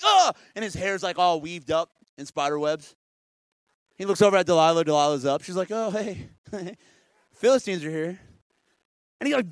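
Casting: animated, joking male preacher, bright high voice, dynamic volume, dry close mic. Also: dry recording. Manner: animated, joking, swings between loud and hushed. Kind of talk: comedic storytelling sermon.

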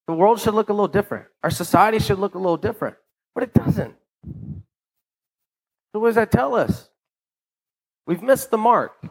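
The audio is poor in this clip of a pastor whose voice sits high. He preaches conversationally, checking in with listeners by asking "right?" again and again, and he repeats words whenever he restarts a sentence.

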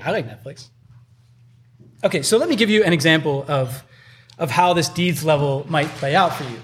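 A man's voice: fairly high pitch, slight background noise. A man preaching a sermon in a loose, conversational way, full of fillers. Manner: conversational, uses many filler likes. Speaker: pastor.

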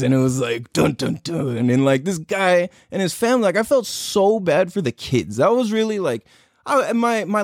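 A man's voice: fairly high pitch, dry recording, studio quality. A young man hosting a podcast, telling a story in a heated, profane rant while laughing at himself. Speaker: podcast host. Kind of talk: casual ranting story. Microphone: live stream on a phone.

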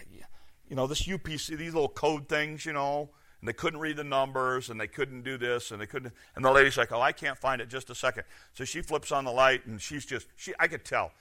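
A man preaching a sermon, firing off rhetorical questions and swinging between loud and hushed. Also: mid-range voice. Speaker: pastor.

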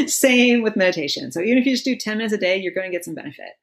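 A woman's voice: medium pitch, animated, a little fast. A middle-aged woman explaining mindfulness in a casual conversation, laughing often and filling her talk with "you know". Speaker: meditation expert guest.

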